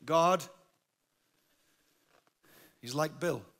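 A Yorkshire man delivers a sermon in a high, gravelly voice. His tone is bright and forceful, and he leans hard on key words as he tells a humorous story. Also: drawn-out words. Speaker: pastor.

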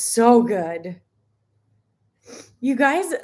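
Her voice is a little high and a bit bright, animated but unhurried, with frequent pauses. Hosting a casual fitness live stream, she's teary and emotional, gushing over her viewers with frequent exclamations and laughter between lines.

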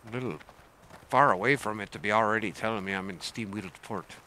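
A gaming streamer talks casually through his gameplay like a playful pirate, dropping "arr" and "I swear" along the way. His voice is on the low side and sharp, he talks fast, and there's slight background noise.

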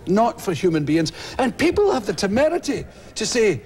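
A Scottish man, a guest comedian, telling animated stories on a talk show and acting out voices and crowd shouts. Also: high voice, moderate pace, slight background noise. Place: television studio.

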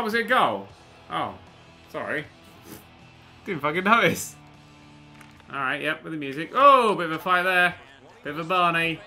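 An excitable man gives a sweary, joking running commentary as he plays a video game. His voice sits high and bounces all over the place, with a very bright, sharp edge. Faint game music plays behind him. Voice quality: excitable, sweary, jokey exclamations. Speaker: gaming YouTuber. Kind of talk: let's-play commentary.

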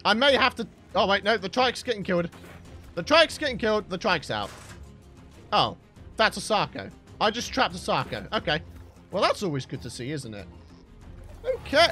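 A man commentating his own gameplay, shouting and exclaiming, teasing his in-game pets, his voice getting worn. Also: high-pitched, very animated, moderate pace, pauses often. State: losing his voice. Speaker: gaming channel host. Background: game background music.

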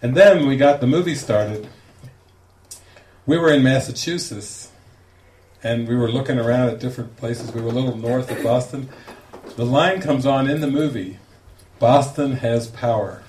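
Male spiritual teacher, mid pitch, animated storyteller, roomy distant sound. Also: normal speed. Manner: animated, laughing storyteller acting out quotes. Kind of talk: storytelling talk to a group. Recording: echoey room, distant mic, faint noise.

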